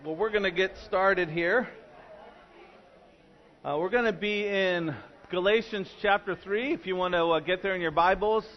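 A man's voice: sits high, normal speed, pauses often, muffled recording. A man preaching a sermon as pastor, from California, talking conversationally with frequent restarts and fillers.

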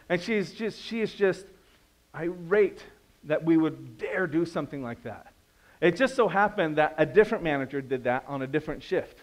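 Male pastor, slightly raised pitch, chatty sermon delivery, rises and drops in volume. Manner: conversational storytelling with lively swings in loudness; asks the audience questions.

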